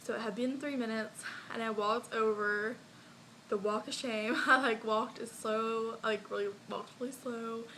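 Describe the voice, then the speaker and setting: A woman's voice: fairly high pitch, steady tone, a little slow, bright, forceful tone, slight background noise, rough recording. A young woman vlogger telling a personal story in a casual, chatty way, full of likes and ums and small laughs.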